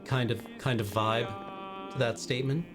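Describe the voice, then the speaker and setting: A man's voice: mid-range voice, steady tone, normal speed, music in the background. A man streaming a story game, chatting casually in a wry, rambling way and slipping into quoted asides. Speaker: streamer playing a narrative game. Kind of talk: casual gameplay chat.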